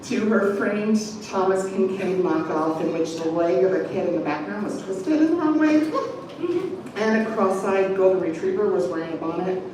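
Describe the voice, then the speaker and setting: A woman's voice: mid-range voice, normal speed. A woman reading a novel aloud at a college event, with chatty, amused asides to her listeners. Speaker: reader at a community event. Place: large room at a college event. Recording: echoey room from far off, background noise.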